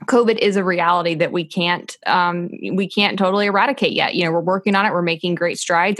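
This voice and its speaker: A woman with a lowish voice lays out her view in an earnest, steady way. The sound is close and dry, with no room around it. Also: no echo. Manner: earnest, measured, argumentative. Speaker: policy commentator. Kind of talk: opinion commentary in a podcast chat.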